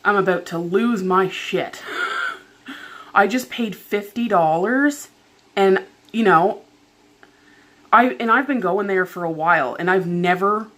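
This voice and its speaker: A woman vlogger at home vents through a story, casual and chatty, exasperated and leaning heavily on the filler "like." She speaks on the low side with a bit of brightness.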